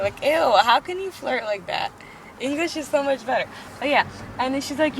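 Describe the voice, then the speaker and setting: Woman, high voice, casual chat, rambling, filler-heavy, faint vehicle noise behind. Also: brisk, fairly bright tone, low-quality recording. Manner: rambling, breathless retelling with many fillers. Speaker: storyteller recapping a show.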